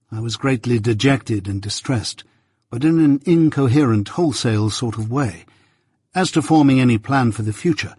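A man narrating a classic novel in the first person, in a measured, literary storytelling manner. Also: mid-range voice, darkish tone, husky, dry recording, clean studio sound. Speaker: audiobook narrator.

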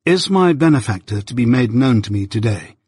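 A man's voice: medium pitch, expressive, a little fast, a little mellow, slightly rough, no echo, clean studio sound. A man doing a polite, nervous young man. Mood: deferential. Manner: deferential, answers with "sir".

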